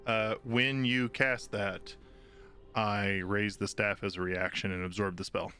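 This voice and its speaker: A man playing a tabletop game with dry, deadpan humor. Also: fairly low pitch, a little slow, faint music behind. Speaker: player.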